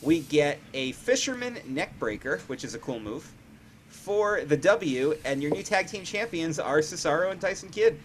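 A man's voice: fairly high pitch, very animated, normal speed, slight background noise. A man co-hosting a casual recap chat, running through events and laughing often. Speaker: podcast co-host.

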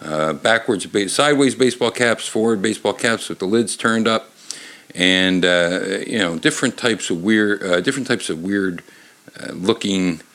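A man's voice: lowish voice, fairly bright tone. A man of fifty reading a picture book aloud, rambling and joking, with many fillers and restarts. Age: 50s. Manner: joking, halting, lots of fillers. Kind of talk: rambling read-aloud with commentary.

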